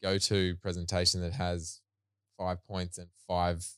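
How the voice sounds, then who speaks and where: A man's voice: low voice, measured pace, clear, resonant tone, no echo, clean studio sound. A man co-hosting a podcast, chatting casually and telling stories from his speaking work. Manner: relaxed storyteller, acts out quoted voices. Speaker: podcast co-host. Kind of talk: casual chat.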